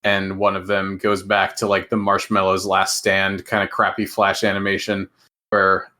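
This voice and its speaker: Bright-voiced, dry-humored podcast co-host man. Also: low voice, monotone. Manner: measured, hesitant, dry humor. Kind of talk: casual chat.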